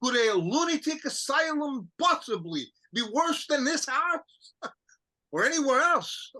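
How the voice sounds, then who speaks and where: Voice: high-pitched, sing-song, a little slow, bright, forceful tone, full character voice. An actor reading the part of a bitter, mocking aging count who laughs at himself and breaks into tears, in an amateur play reading.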